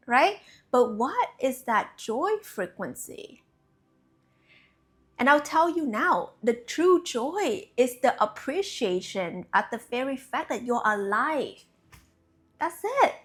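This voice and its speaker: A young woman, a spiritual coach, giving a casual, animated talk to her viewers, playful and quick to laugh, with casual swearing. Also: sits high.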